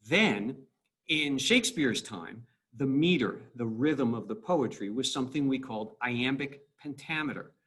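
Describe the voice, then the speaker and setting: A man teaching high school English in a recorded video lecture, explaining patiently and stressing syllables to show the rhythm. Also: a bit bright. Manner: repeats words and restarts.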